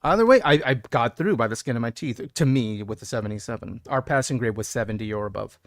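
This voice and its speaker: A young game streamer from Texas rambles casually during a live stream, reading viewer messages aloud while he plays. His mid-range voice is fast with lively intonation, captured in studio quality with no room sound.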